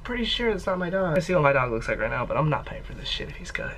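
Brash, high-voiced young man vlogging. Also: very animated, rapid-fire, fairly bright tone. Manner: brash, profane, joking. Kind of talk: comedy vlog. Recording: distant mic, street noise.

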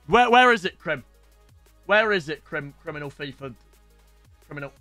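A young man, giving excitable, sweary live-stream commentary to his chat while opening packs. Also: a little high, normal speed, no room sound, soft background music. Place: home streaming setup.

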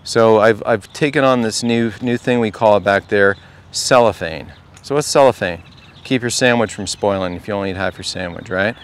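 A man with a fairly low, smooth voice talks at normal speed while coaching a group at a golf clinic on an outdoor practice range. He keeps it casual, firing one question after another at the group.

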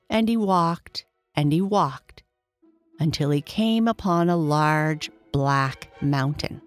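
Slow, soothing woman storyteller. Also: low-pitched. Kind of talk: bedtime story narration.

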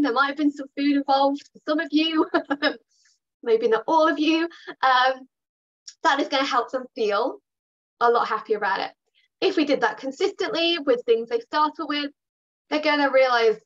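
A woman's voice: high-pitched, normal speed, pauses often, dull audio. A woman dog trainer giving an online workshop talk, chatty and reassuring, with plenty of fillers. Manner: chatty and reassuring, with fillers and upbeat put-on bits.

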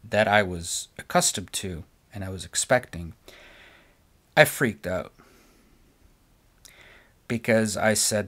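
A middle-aged man with a fairly low voice rants to camera about his craft. He speaks slowly and deliberately, leaning on repeated words for emphasis with fervent conviction. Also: fairly bright tone. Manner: impassioned, ranting, emphatic repetition. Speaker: guitar maker selling stands. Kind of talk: unscripted monologue to camera.

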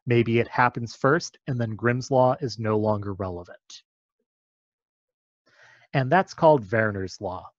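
A man's voice: mid-range voice, measured pace, long pauses, dry recording, dull audio. A man explaining a topic step by step in a patient, methodical lecture.

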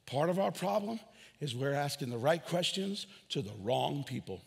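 A man preaching a sermon as pastor, animated, with shouted peaks and acted-out dialogue. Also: a little high, moderate pace, vocal fry, slightly rough, big-room sound. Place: church hall.

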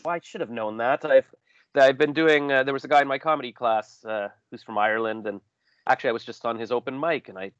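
A man's voice: medium pitch, fast talker, clean tone, dry recording. Chatty self-deprecating man on lo-fi audio. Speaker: podcast host. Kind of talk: casual interview chat. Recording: dull lo-fi call audio.

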